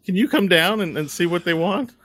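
A man's voice: high-pitched, lively intonation, brisk, a bit bright, voice pushed up. A man voicing Walnut, an anxious young female messenger in a tabletop game who stammers and rambles. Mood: flustered.

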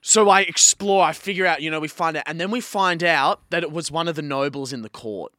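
A young man co-hosting a podcast, chatting casually, swearing and telling an animated story. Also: on the high side, a little fast, no room sound, clean studio sound. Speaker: podcast co-host. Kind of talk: casual chat.

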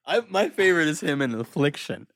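A man's voice: on the high side, fairly quick, no echo, clean studio sound. A man chatting casually as a podcast host, telling stories with lots of acted-out quotes and frequent laughter. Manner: animated storyteller who acts out quotes and laughs often. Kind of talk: casual chat.

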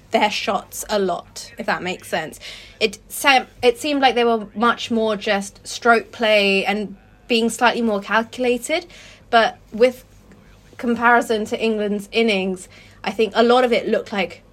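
A woman's voice: on the high side, a bit bright. A woman co-hosting a cricket podcast, giving her views on play in a chatty, loosely phrased way. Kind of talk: casual sports discussion.

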